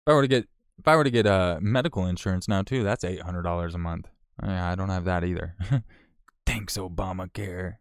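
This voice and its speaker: A man's voice: low voice, fast talker, clear, resonant tone, no room sound, clean studio sound. A man casually chatting on a live stream, frank and profane, rambling with restarts as he answers viewers.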